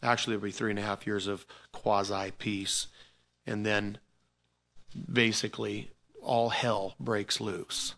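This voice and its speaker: A man preaching a sermon in an animated, informal way, going from loud exclamations to quiet asides, with repeated words and restarts. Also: on the low side, measured pace, creaky. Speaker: pastor.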